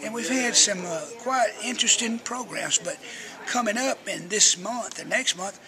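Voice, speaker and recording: An older man tells rambling, folksy stories as a guest, slipping into the voices of people he quotes. His voice sits high and has a gravelly rasp. Crowd chatter carries clearly behind him. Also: normal speed. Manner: folksy, chatty storyteller who acts out quotes. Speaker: interview guest, radio personality. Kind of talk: rambling storytelling interview.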